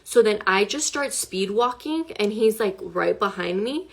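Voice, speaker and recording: A young woman telling her own story to the camera, rushed and emotional, swearing and filling with "like". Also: medium pitch, expressive, vocal fry. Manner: rushed, profane, full of "like". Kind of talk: emotional personal account to camera.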